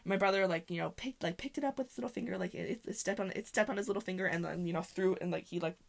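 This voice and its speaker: A woman's voice: on the low side, racing, gravelly. Young adult woman, solo podcast host, casual chatty storyteller who rambles and laughs a lot.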